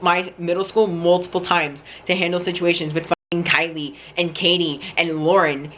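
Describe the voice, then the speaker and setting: This is a story-time vlog from a young man whose voice sits high and sounds a bit bright, with a little hiss or hum in the audio. He narrates dramatically, curses nonstop, and leans heavily on the word "like."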